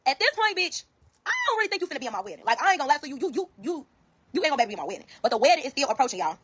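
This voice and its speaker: There's a slight roughness to this woman's high voice. Addressing viewers in a Chicago accent, she tells a story with blunt, profane energy and acts out the lines of dialogue.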